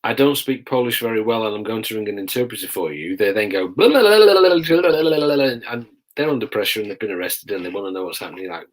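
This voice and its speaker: A middle-aged man talks to his viewers in a loose, rambling chat. His voice sits a little low, and he keeps pausing to explain himself. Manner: chatty, rambling, pauses to explain phrases. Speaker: police custody sergeant.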